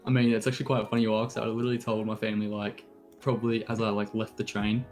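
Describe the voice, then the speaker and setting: Excited young Australian guy, low voice. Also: very fast, soft background music. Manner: excited rambling storytelling with laughs. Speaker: interview guest. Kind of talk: casual chat.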